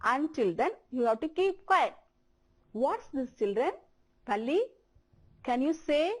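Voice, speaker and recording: Slow, lively Indian English teacher woman. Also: high-pitched. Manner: slow, drawn-out, repeating words for children to copy. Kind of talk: televised primary-school English lesson.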